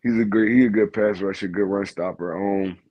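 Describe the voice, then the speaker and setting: A man co-hosting a casual sports podcast, talking hesitantly with many pauses and restarts. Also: on the low side, fairly even intonation, no room sound, dull audio. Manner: hesitant, full of ums and restarts. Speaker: podcast co-host.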